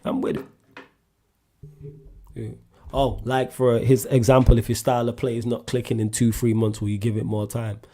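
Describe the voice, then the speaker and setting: A man hosting a solo sports question-and-answer show, talking in a blunt, animated way and climbing sharply in pitch when he drives a point home. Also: normal speed, pauses often. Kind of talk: casual sports chat.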